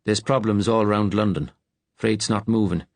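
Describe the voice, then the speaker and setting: A man voicing a gruff, strained working man who talks casually in an audiobook. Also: lowish voice, fairly even intonation, normal speed, dry recording, voice pushed up.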